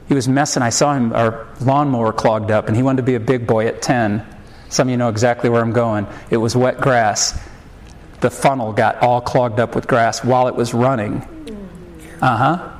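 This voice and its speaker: A male pastor in his forties delivering a sermon in a lively storytelling way. He acts out the people in his stories and drives points home with emphatic rhetorical questions, in a voice of ordinary middle pitch. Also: low-quality recording.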